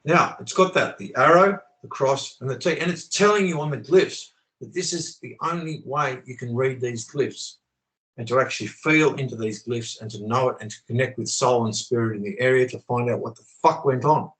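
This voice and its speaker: A man's voice: mid-range voice, moderate pace, fairly bright tone, low-quality recording. A man talking with passion on a video call, swearing often and preaching his views. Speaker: channel host. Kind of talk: impassioned conversational rant.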